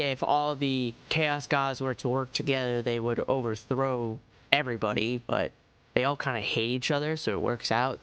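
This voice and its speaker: A man's voice: mid-range voice, a bit bright, clear, resonant tone. A man giving a casual, rambling video game review, full of "like" and restarts. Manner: rambling, lots of fillers.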